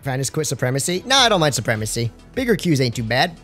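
Excitable young man streaming gameplay. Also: mid-range voice, quick pace, faint music behind. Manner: excitable, slangy, jokey, talks to chat. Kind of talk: live gameplay commentary.

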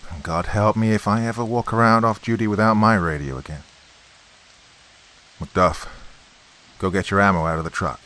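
A steady small-town cop with a low voice, practical and commanding, as a male narrator puts him on. His lines sit close to the teller's own storybook tone. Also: normal speed, long pauses, close to an everyday voice. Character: level-headed male small-town police officer.

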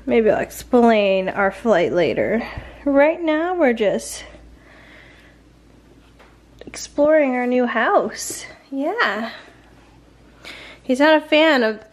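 Woman, casual vlog chat, high voice, slow rambling delivery with lots of ums. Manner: rambling, hesitant, full of ums; coos in a high voice at her puppy. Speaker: vlogger.

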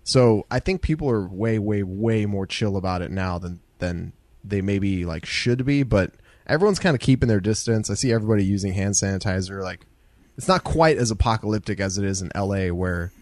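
Laid-back young man, low voice. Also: a little mellow, dry recording. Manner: laid-back, rambling, lots of fillers like "like". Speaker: podcast guest. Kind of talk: casual podcast chat.

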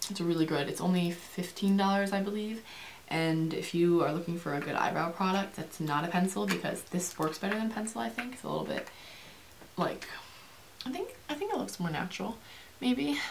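A young woman chatting fast and rambling through a beauty product review, with many fillers and restarts, speaking to camera. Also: lowish voice, slight background noise. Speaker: beauty vlogger.

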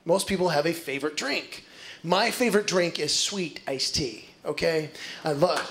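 High-voiced man doing stand-up live. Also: normal speed. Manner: animated storytelling with acted-out voices. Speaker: stand-up comedian. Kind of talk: stand-up comedy set. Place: stage before a live audience. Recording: live show with loud crowd and noise. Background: audience laughter.

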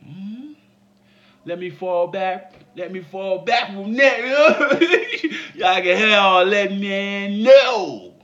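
A man giving a comedic commentary vlog, laughing and breaking into mock shouts. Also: high-pitched, expressive, takes it slowly, dull audio. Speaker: vlogger.

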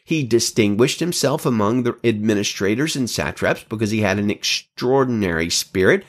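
A man teaching a Bible passage in an earnest, animated way, with a brief joke. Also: fairly low pitch, normal speed. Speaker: pastor.

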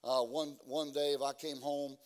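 A man preaching a sermon as a guest preacher. He stumbles through fillers and restarts, then builds to loud, emphatic preaching. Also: medium pitch, flat delivery, moderate pace. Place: church.

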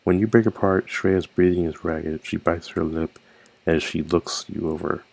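A young man reading a story game aloud and reacting to it playfully with quick jokes and exclamations. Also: sits low, fairly even intonation, creaky, a little mellow, no room sound. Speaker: gaming channel host.

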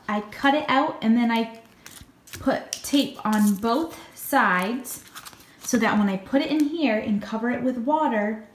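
A woman teacher explaining a craft project to children step by step. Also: on the high side. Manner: slow, step-by-step instructions. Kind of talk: craft demonstration for kids. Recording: echoey room, faint noise.

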